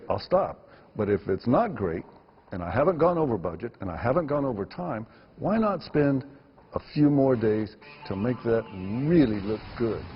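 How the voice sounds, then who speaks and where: A man's voice: lowish voice, breathy edge, big-room sound, lo-fi sound. A man, a filmmaker guest, answering interview questions emphatically and repeating words for stress.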